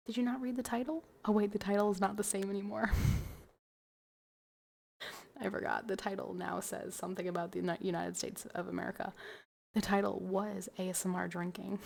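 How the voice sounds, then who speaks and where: A woman's voice: mid-range voice, steady tone, a little fast, gravelly, darkish tone. A young woman streaming casually, a little tipsy from wine, giggling as she chats and thanks her viewers. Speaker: livestreamer. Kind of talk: casual stream chat while drinking wine.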